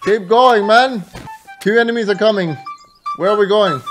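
A man streaming a war game, bantering and swearing with teammates over voice chat, shouting mock officer commands. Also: sits high, moderate pace, soft background music. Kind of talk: casual gaming banter with voice chat.

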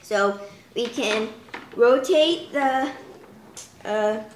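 Young woman, slightly high voice, unhurried and chatty, home demo. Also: echoey room, slight background noise. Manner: chatty, many "like" fillers. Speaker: toy demonstrator. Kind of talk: casual product demo.

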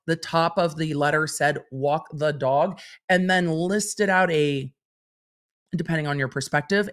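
A woman hosting a livestream, reading court documents aloud and commenting on them in a chatty, wry way. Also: low-pitched. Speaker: legal commentator host.

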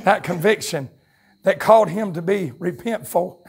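Fiery Southern preacher, high gravelly shouts. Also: male voice. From North Carolina, USA. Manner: fiery shouting preacher with a folksy drawl, quick asides and chuckles. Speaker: pastor. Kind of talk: revival sermon. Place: church sanctuary at a campmeeting. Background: congregation calling out responses.

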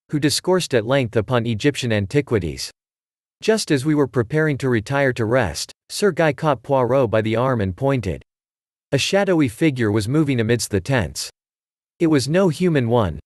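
A man reading a story aloud in a measured narration style. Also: medium pitch, expressive, no echo, studio quality. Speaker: audiobook reader. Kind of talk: scripted narration.

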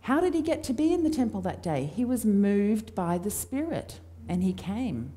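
A woman's voice: medium pitch, very animated, moderate pace. A woman preaching a sermon in a church, conversational and storytelling in her delivery. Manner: conversational, warm storytelling with acted quotes.

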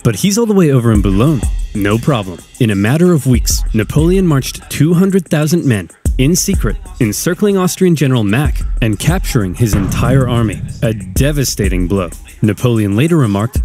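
Male narrator for an animated history piece, punchy and dramatic, mellow tone, lively pitch. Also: moderate pace, soft background music. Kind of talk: scripted comedic history narration.

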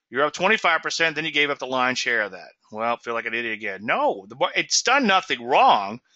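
A man's voice: fairly high pitch, sharp tone, no echo, highs cut off. A man hosting a trading webinar, teaching in an emphatic, folksy way and often asking "okay?" and "so what?". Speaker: trading show host.

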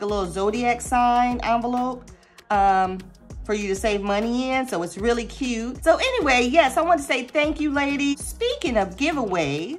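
A woman, chatting casually to camera about budgeting and calling her viewers y'all. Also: on the high side. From United States. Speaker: budgeting vlogger.

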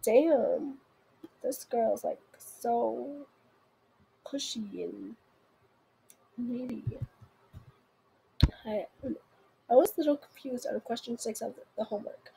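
A young woman reads text messages aloud to her viewers in a casual, rushed way. Her voice sits high and sounds mellow and soft-edged. It is very breathy throughout. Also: poor audio. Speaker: video host. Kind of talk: reading funny texts aloud.

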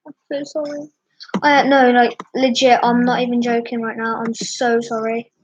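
A young woman YouTuber, upset and apologetic, talking fast in repeated bursts about deleting a video. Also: on the high side, level tone, slight background noise. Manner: panicked, apologetic, repeating words. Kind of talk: distressed vlog commentary. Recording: dull lo-fi sound.

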